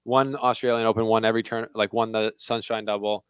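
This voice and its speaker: A man's voice: on the low side, little pitch movement, fairly quick, clean tone, dry recording. A young man from Canada co-hosting a podcast in casual chat, talking loosely with lots of "like" fillers. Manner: chatty, loose, full of "like" fillers. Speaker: podcast co-host.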